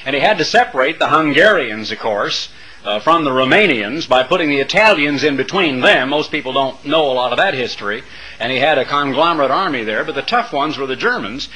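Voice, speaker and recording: A middle-aged American man preaching a conversational sermon, rambling through folksy asides with fillers and turning animated and high when he mocks someone. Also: brisk, rough recording. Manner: animated when mocking, rising sharply in pitch.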